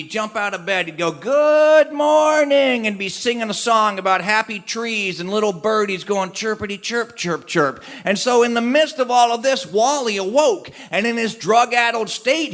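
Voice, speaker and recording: Bright, high-voiced man telling a comic tall tale. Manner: animated, comic timing, laughs along. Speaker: storyteller. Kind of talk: comic tall-tale storytelling to a live audience. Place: live stage performance.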